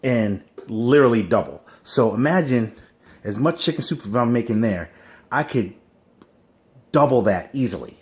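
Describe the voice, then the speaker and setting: Unboxing a kitchen appliance at home, a man chats in a casual, slangy, rambling way, filming on a phone set on a wobbly stand. His medium-pitched voice is animated and darkish in tone, at a normal speed.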